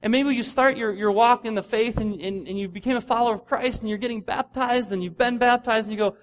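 A middle-aged man preaching a sermon in a conversational, animated way, acting out the voices of the people he describes. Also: high voice, fast, hardly any pauses. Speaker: pastor.

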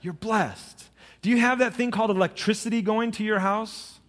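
A middle-aged man, a pastor, giving a sermon with jokes and storytelling that rise to lively emphasis. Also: sits high, moderate pace, big-room sound.

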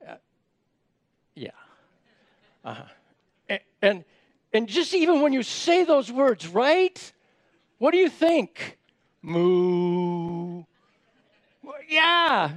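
A man with a notably high voice gives a sermon like a chat. He restarts his sentences and turns to his listeners with questions. The sound is dry and close. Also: huge pitch swings, slow, pauses often, a bit bright, dry recording. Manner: conversational, repeats words when starting sentences, asks the audience questions. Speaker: preacher.

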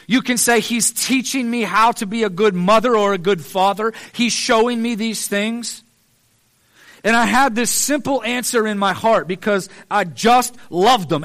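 A man's voice: high voice, a bit bright. A man preaching a sermon, earnest and pleading, building emphasis on repeated phrases.

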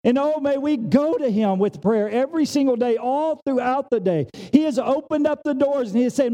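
A man preaching a sermon at a church service. He talks plainly with everyday examples and swings between raised, emphatic lines and low, hushed ones. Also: moderate pace, few pauses. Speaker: pastor.

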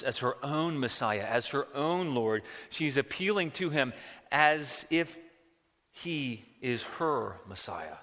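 Bright-voiced guy preaching, lots of questions and restarts, big echoey hall. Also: medium pitch. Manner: animated, rhetorical questions, repeats words. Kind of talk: sermon. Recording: long hall reverb.

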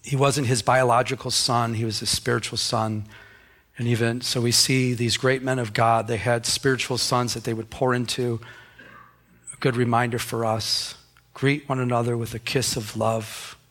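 Male pastor, husky tone, chatty sermon delivery with anecdotes. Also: medium pitch, little pitch movement, moderate pace, fairly bright tone. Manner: conversational preaching, acts out anecdotes.

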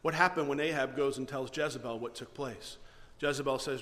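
Animated preacher in a reverberant hall. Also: male voice, mid-range voice, brisk. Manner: animated storytelling with frequent restarts. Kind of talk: sermon.

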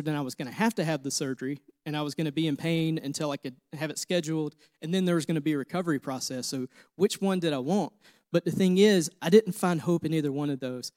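A pastor in his thirties preaches a sermon in a slightly mellow voice on the high side, recorded in studio quality with no room sound. Emotional and near tears, he's earnest and personal, repeating phrases as he tells his own story.

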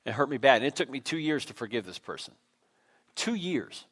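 Male pastor, mid-pitched, informal self-deprecating sermon delivery in a church. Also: sing-song, a little fast, fairly bright tone, husky. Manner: conversational, self-deprecating, with frequent fillers and restarts. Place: church sanctuary.

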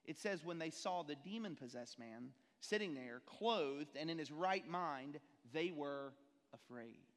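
High-voiced preacher in a reverberant hall. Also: male voice, unhurried. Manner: animated storytelling preacher, rhetorical questions. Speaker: pastor. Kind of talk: sermon. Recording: long reverb in a church hall.

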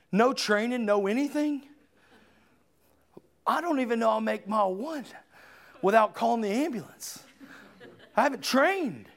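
A man preaching a sermon in a church, impassioned, rising to shouts and then dropping low and earnest. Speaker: pastor.

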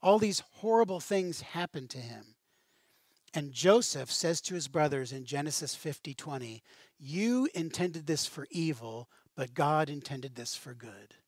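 A man preaching a sermon as pastor, with a conversational, animated style and casual asides. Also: on the high side, unhurried, dry recording.

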